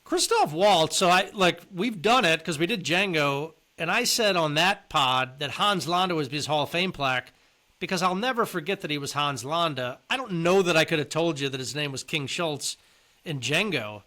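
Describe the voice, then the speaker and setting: Bright-toned male podcast co-host. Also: fairly high pitch, expressive, moderate pace. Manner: conversational, poses questions to his co-host. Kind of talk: casual chat.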